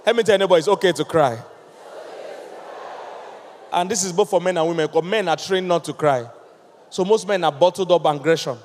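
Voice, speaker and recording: A man preaching a lively sermon, acting out little scenes and laughing with his listeners. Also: high-pitched, normal speed, pauses often, long reverb tail, a faint crowd, a little hiss or hum. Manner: animated, acts out voices, laughs with the congregation.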